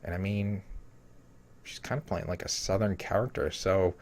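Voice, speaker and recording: A man with a somewhat low voice talks through an upcoming episode in a loose, unscripted way. He reads lines from a summary and then wanders off on tangents. He fills every gap with "you know" and "um". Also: fairly even intonation, moderate pace, vocal fry, darkish tone. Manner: rambling, heavy with "you know" fillers. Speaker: TV episode spoiler commentator. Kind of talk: casual spoiler rundown reading from a summary.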